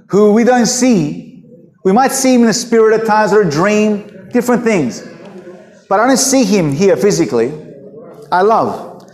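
A pastor with a high, darkish-toned voice preaches a sermon, emphatic and peppered with rhetorical questions aimed at his congregation. The hall around him is echoey.

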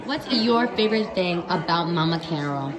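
A woman's voice: on the low side, lively intonation, moderate pace, poor audio. A young woman making a family birthday video, playful and affectionate. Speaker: video maker and granddaughter. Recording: party crowd and background noise.

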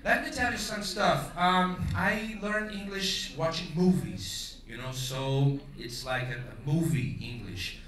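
A man from Brazil with a Brazilian Portuguese accent, emceeing a stand-up show in English, loud and brash, swearing freely and quizzing the audience. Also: a little high, unhurried, hardly any pauses. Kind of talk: stand-up crowd work. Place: theater stage with live audience. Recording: echoey theater, mic at a distance, audience audible.

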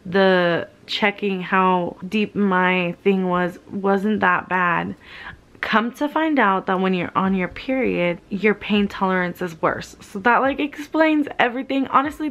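A woman's voice: medium pitch, fairly bright tone. A young woman vlogging in a casual, candid way while in pain, swearing freely and saying "like" often. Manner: candid, swearing, heavy use of "like". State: in pain, weary. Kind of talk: casual vlog storytelling.

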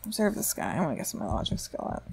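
A woman's voice: on the low side, big pitch swings, very fast, gravelly, husky. A young adult woman giving casual commentary while she plays a life-simulation game, chatty and reacting aloud to what happens. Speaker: let's play gamer.

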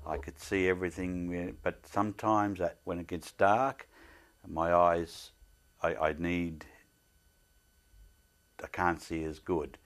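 A man's voice: low-pitched, flat delivery, slow, pauses often. An older man telling a personal story in a plain, earnest way, often speaking of his faith. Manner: plain-spoken storyteller, acts out the voices of others in his story. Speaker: interviewee.

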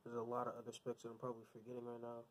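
A young man casually unboxing a gaming laptop in his cold bedroom, excited and rambling, his voice a little shaky from the cold. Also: medium pitch, very fast, noisy background. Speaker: tech unboxing vlogger.

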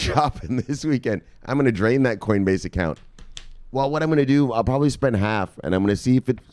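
A man's voice: lowish voice, no room sound. Guy hyping up his viewers, swears a lot, voice swings all over, super dry sound. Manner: profane, fired-up, keeps shouting "bang". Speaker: crypto video host. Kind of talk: hyped pep-talk vlog.

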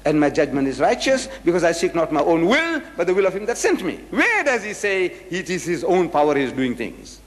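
Guy explaining scripture verse by verse, fairly high pitched, big echoey hall sound. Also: a little fast, few pauses. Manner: animated, explaining verses with rhetorical questions. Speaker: religious lecturer. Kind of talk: religious lecture quoting scripture. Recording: echoey hall with long reverb.

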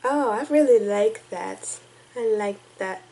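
A young woman reacting casually to a music video at home, chatty, excitable and openly emotional, rambling as she thinks aloud. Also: mid-range voice, takes it slowly. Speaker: YouTube reaction vlogger.

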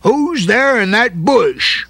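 A man voicing a friendly, encouraging male dog in a children's storybook, speaking slowly and kindly. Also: high-pitched, sing-song, sharp tone, no room sound, voice pushed up, heavily acted. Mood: coaxing. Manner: kind, coaxing, slow and emphatic. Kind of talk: storybook character voice.

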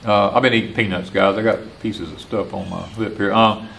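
A man's voice: lowish voice, normal speed, vocal fry. An older Southern man, a homesteader and former preacher, gives a folksy porch-side sermon and repeats his points. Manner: folksy, repetitive, animated. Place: outdoor porch.

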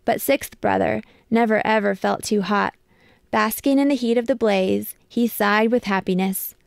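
A woman reading a picture book aloud with measured, expressive storytelling. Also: mid-range voice, vocal fry, no room sound, clean studio sound. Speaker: storybook reader.

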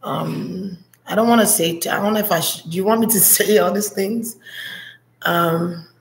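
A woman's voice: on the low side, moderate pace, gravelly, reverberant. A woman giving a spiritual reading as a monologue, talking intensely and repeating prayer words like a chant. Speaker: spiritual reader.

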